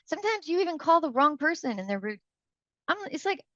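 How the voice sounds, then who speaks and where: A woman's voice: sits high, sing-song, brisk, a bit bright, no room sound, muffled recording. A woman giving a live coaching talk to real estate agents in a chatty, conversational way, often checking in with her listeners and acting out short phone exchanges. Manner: acts out short phone exchanges in quoted voices.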